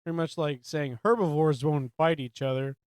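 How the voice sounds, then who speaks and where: A man's voice: fairly high pitch, steady tone, normal speed, clean tone, no echo. A man co-hosting a movie podcast, joking and laughing a lot as he chats about the plot. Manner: laughs often, playful quips. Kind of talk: casual film recap chat.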